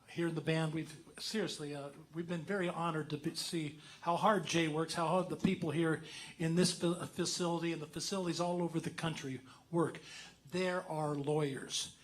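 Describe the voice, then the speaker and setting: Band member, high male voice, halting and earnest, plays it casual with the crowd. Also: fairly even intonation. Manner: earnest, halting, with restarts and self-mocking laughs. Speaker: band member making a fundraising appeal. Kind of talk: casual on-stage talk at a concert.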